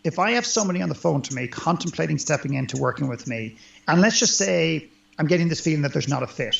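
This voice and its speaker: A man's voice: a little high, lively intonation, fast talker, vocal fry, a bit bright. A man who works as a life coach, speaking earnestly and emphatically as an interview guest. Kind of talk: conversational interview. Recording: roomy, dull lo-fi sound.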